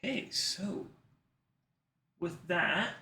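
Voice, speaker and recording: A man's voice: high-pitched, lively intonation, drawn-out words, creaky, sharp tone, slightly rough. A man running a tabletop game as dungeon master, talking in an easygoing way and thinking aloud as he goes.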